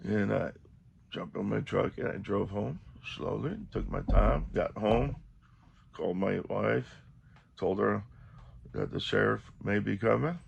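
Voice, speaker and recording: A man's voice: fairly low pitch, a little slow, creaky, dull audio, a little hiss or hum. A man vlogging, telling a story casually and animatedly, acting out the quotes.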